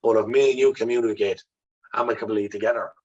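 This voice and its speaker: A man's voice: on the low side, steady tone, fast talker, husky, highs cut off. An Irish man, a guest in an interview, tells a personal story with intensity, swearing freely and acting out remembered dialogue. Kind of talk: candid conversational storytelling.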